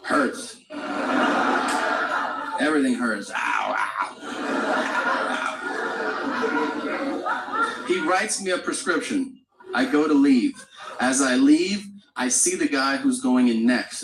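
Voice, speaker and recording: A man's voice: mid-range voice, moderate pace, noisy background. Man telling a stand-up story, roomy club. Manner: conversational storytelling with crude humor and acted-out quotes. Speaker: stand-up comedian. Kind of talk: stand-up comedy set. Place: comedy club stage.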